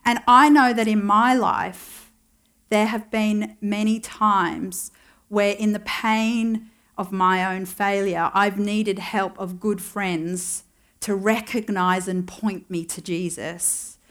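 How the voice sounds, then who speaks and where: A woman preaching to a congregation in an easy, conversational way. She reflects and wonders aloud as she retells a story, and slips in dry little asides. Her voice sits at a middling pitch for a woman. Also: fairly even intonation, slow pace, fairly bright tone. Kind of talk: sermon.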